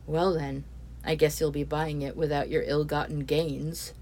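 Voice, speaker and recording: A woman's voice: low-pitched, flat delivery, unhurried, a little mellow, a little hiss or hum. A woman voicing a reserved young man who speaks in a cool, businesslike, curt way.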